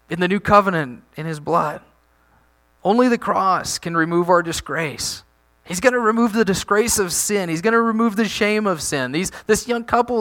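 A pastor delivers a sermon in a high, bright voice, preaching with animation and a direct, energetic tone. He throws rhetorical questions at the congregation and restarts phrases as he builds his points.

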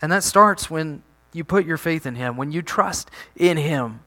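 A man preaching a sermon as a pastor, animated, asking the congregation rhetorical questions and often restarting his sentences. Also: fairly high pitch, measured pace.

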